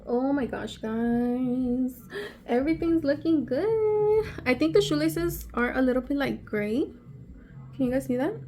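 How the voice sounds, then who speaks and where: A woman vlogger unboxing on camera, excitable and gushing, gasping often and sometimes dropping to a breathy whisper. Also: high voice, unhurried, slight background noise. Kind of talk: casual unboxing vlog.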